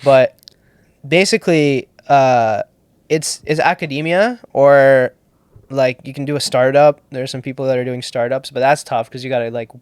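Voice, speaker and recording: A man's voice: mid-range voice, moderate pace, clear, resonant tone, no room sound. A young man from Toronto, a comedian hosting a podcast in casual chat, loose and joking, swearing and laughing often. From Toronto, Canada.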